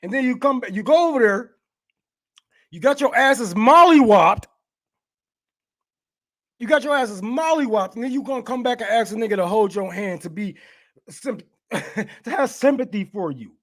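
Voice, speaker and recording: High-voiced man ranting, profane and heated. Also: animated, a little fast. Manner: stammering, laughing, heated. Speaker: podcast host.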